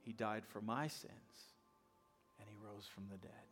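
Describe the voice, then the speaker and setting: A male pastor with a lowish, slightly bright voice preaches in a steady, unhurried tone over soft background music. He uses repetitive call-and-response style, repeating key lines and acting out the voices of skeptics.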